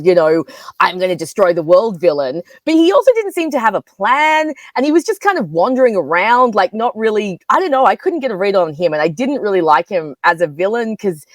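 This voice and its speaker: A woman co-hosting a film review podcast, chatty and full of fillers. Her pitch rises and falls a lot as she talks. The sound is close and dry, with no room echo. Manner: chatty, animated, many fillers. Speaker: podcast co-host. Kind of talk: casual film review chat.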